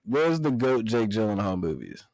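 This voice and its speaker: Animated, teasing young man. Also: fairly low pitch, normal speed, creaky, poor audio. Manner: teasing, laughs often, swears casually. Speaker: podcast co-host. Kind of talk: casual banter among friends.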